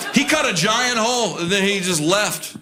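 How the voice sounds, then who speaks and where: A male stand-up comic with a slightly high voice works through a deadpan, self-deprecating story, slipping into other people's lines as he goes. He is on a live stage mic, and crowd noise is clearly heard under him. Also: measured pace. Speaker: stand-up comedian. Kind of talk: stand-up comedy set. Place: theater stage with a laughing audience. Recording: live show with audible audience noise.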